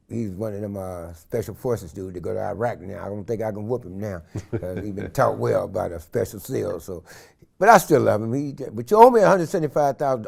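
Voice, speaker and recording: A man in his sixties from San Francisco, a guest in an interview, telling stories with animated energy and acting out the voices of the people in them. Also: fairly low pitch, vocal fry. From San Francisco, California. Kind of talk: animated storytelling. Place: studio interview set.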